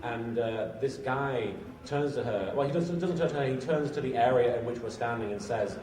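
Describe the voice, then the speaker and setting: A man's voice: medium pitch, moderate pace, darkish tone. A man telling a rambling anecdote to a convention panel audience, often restarting his sentences. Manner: rambling, self-interrupting anecdote teller. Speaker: panel guest. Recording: roomy, far from the mic, crowd noise.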